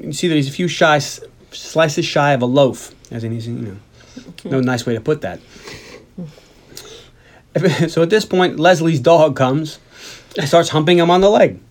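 A man's voice: fairly high pitch, moderate pace, pauses often. A man hosting a movie podcast, casually recapping scenes, laughing often and acting out lines from the film. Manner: animated, laughs often, acts out quotes. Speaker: podcast host.

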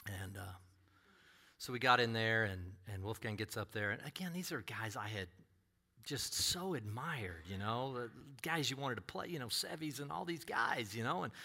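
A middle-aged man preaching, who tells a personal story with animated delivery and acts out other voices. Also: mid-range voice, moderate pace, vocal fry. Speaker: pastor.

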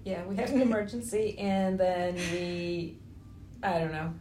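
A woman co-hosting a podcast in casual chat, laughing often and jumping up in pitch when she quotes people. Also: measured pace, a little hiss or hum. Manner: laughing storyteller, high excited jumps when quoting people.

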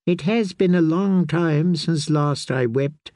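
A man's voice: on the high side, no room sound, studio quality, pitched above the performer's own voice. A man doing a frail, dreamy old blind scholar. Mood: wistful. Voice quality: soft, slow and wistful.

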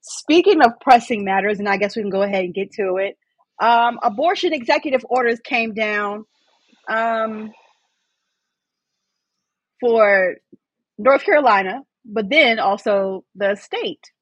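A woman's voice: on the high side, a little slow, long pauses, husky, dry recording, muffled recording. A woman co-hosting a casual podcast, pushing back bluntly and emphatically. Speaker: podcast co-host. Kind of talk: casual chat.

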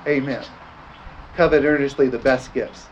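A man's voice: medium pitch, steady tone, moderate pace, slight background noise, rough recording. A man preaching a sermon and leading communion prayer, drawing out scripture words and calling for responses. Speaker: pastor.

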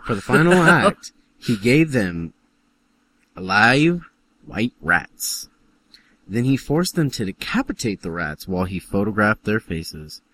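A man's voice: on the low side, sing-song, unhurried, sharp tone. A man co-hosting a casual podcast, reading an article aloud and adding dry jokes. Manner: reads aloud with dry jokes and sudden laughs.

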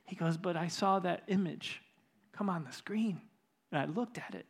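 Pastor telling a story from the pulpit, man with a slightly high voice, dropping to near-whispers and climbing to urgency. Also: normal speed. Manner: retells a conversation, voice dropping to a hush then rising intense. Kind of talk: sermon storytelling. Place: church.

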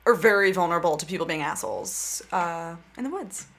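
A young woman co-hosting a casual movie podcast, bubbly and jokey, with quick asides. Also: lowish voice, expressive, a bit bright. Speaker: podcast co-host. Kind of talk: casual chat.

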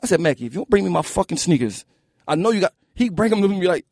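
Husky fast-talking Philly rapper, a man. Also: high-pitched. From Philadelphia. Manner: animated, profane, keeps asking "you know what I'm saying". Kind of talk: casual interview storytelling.

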